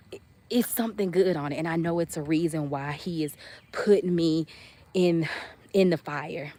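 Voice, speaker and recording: A woman's voice: low voice, a little mellow. A woman hosting a casual live stream while folding laundry. She tells stories expressively, greets viewers by name and reflects on her faith. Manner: faith-centered, testimony-like reflection. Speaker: live-stream host and mother.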